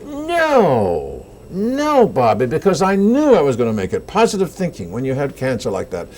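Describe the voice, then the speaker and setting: Older man, lively animated storytelling. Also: a little high, moderate pace. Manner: animated anecdotes with acted-out quotes. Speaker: actor being interviewed. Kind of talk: casual interview storytelling.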